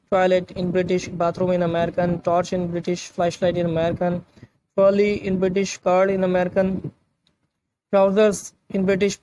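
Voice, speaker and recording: A man teaching vocabulary, reading a word list in a measured, repetitive way. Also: high voice, darkish tone, slight background noise, rough recording. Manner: measured, list-like delivery with repeated phrasing. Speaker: language teacher.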